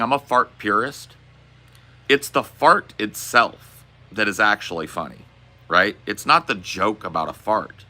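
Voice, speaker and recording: A man's voice: on the low side, measured pace, sharp tone. A man streaming live, casually answering chat questions in a rambling, profane, laid-back way.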